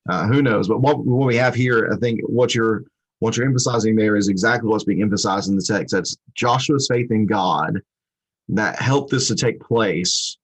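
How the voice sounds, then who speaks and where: A man's voice: fairly low pitch, moderate pace, breathy edge, low-quality recording. A man co-hosting a Bible study show, explaining a passage in a rambling, conversational way with many restarts.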